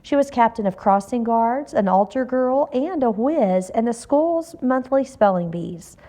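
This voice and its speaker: Mellow woman reading a story aloud. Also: fairly high pitch, animated, unhurried. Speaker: narrator.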